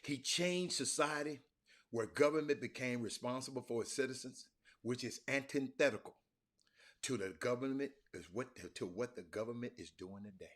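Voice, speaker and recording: Husky-voiced man telling a story. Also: medium pitch, moderate pace. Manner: animated storyteller, repeats and restarts, addresses viewers as y'all. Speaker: talk show host. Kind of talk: casual livestream history talk. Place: hotel room.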